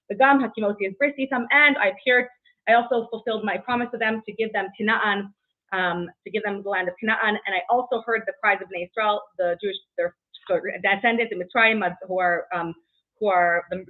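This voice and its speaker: A woman teaching a casual weekly Torah class, brisk and chatty, often checking in with "right?" and filling pauses with "um.". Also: mid-range voice. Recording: tinny phone-like audio.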